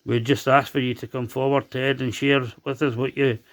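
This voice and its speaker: A man's voice: medium pitch, flat delivery, normal speed. A man hosting a paranormal spirit box session, questioning the spirit in a stern, accusing way. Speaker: paranormal investigator host.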